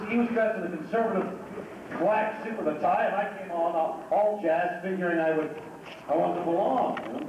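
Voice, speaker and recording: Guy rambling and joking on stage, high voice, taped from far back in a big echoey hall, muffled, loud noise. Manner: rambling, joking, many restarts. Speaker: convention guest speaker. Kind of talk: on-stage storytelling to an audience. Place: large convention hall. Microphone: home video camera in the audience. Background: noisy audience.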